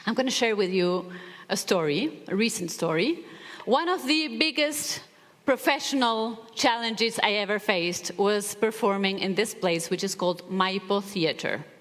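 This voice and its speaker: Lively woman speaker in a reverberant hall. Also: medium pitch, unhurried. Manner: animated, acts out quoted voices. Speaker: motivational speaker. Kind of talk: motivational storytelling to an audience.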